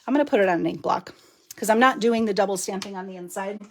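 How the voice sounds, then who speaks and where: A woman's voice: mid-range voice, quick pace, slight background noise. A middle-aged woman giving a chatty live card-making demonstration, talking to viewers while she works and laughing often. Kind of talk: live stream craft demo.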